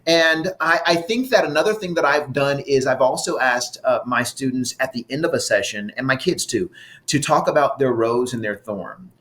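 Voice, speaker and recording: A middle-aged man giving an animated conference talk, leading his listeners in vocal exercises. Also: mid-range voice, normal speed. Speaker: conference speaker and facilitator. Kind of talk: conference talk with audience participation.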